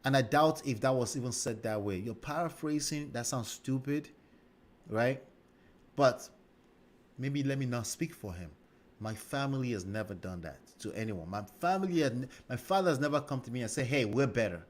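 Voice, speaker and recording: A man's voice: mid-range voice, lively intonation, normal speed. Emphatic man hosting a livestream. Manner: emphatic, repeats "okay?" and "right?". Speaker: livestream host. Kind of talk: livestream commentary.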